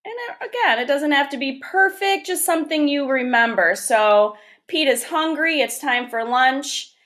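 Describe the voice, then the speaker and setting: A woman teaching young children, reading a picture book aloud and explaining step by step in a gentle, encouraging way. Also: fairly high pitch. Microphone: camera or phone on a desk.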